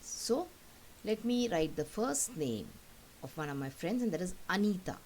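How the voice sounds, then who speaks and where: A woman's voice: on the low side, darkish tone, a little hiss or hum, low-quality recording. A woman teacher, patiently explaining a lesson and checking understanding with frequent questions. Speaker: English teacher. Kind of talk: recorded classroom lesson.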